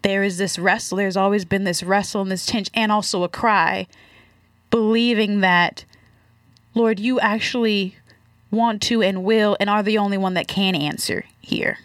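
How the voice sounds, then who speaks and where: A woman giving a reflective faith testimony, searching for words with many halting restarts. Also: mid-range voice, fairly even intonation, no room sound, studio quality. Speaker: guest.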